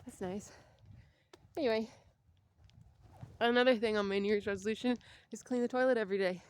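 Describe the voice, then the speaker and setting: This thirty-something woman speaks briskly at a medium pitch, her tone slightly mellow, clear, and resonant. She's vlogging on a walk down a street outdoors, a bit breathless, chatting casually and going off on tangents.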